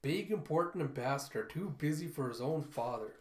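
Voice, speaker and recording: A man voicing a grumpy, paranoid old father who grumbles gruffly in a comic readthrough. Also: a little high, animated, fairly quick, a little mellow, echoey room, natural voice. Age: older.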